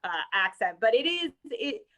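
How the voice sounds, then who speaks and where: A woman co-hosts a podcast with a wry, amused edge, reading out news items and chatting. Her voice sits slightly high. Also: big pitch swings, moderate pace, a bit bright. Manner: wry, laughs while talking. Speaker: podcast co-host. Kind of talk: casual chat, reading news.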